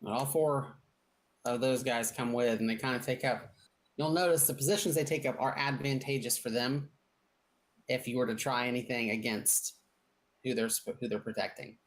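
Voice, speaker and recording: A woman's voice: a bass voice, moderate pace. A woman narrating as game master of a tabletop game, describing scenes in a rambling way with many restarts.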